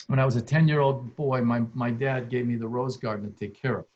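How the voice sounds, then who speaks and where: A man's voice: medium pitch, fairly quick, few pauses, darkish tone, dull audio. An older man, a landscape architect, sharing heartfelt stories as a guest speaker on a video call, tearful and rambling with many restarts. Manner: emotional, rambling, with frequent restarts. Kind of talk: heartfelt personal storytelling.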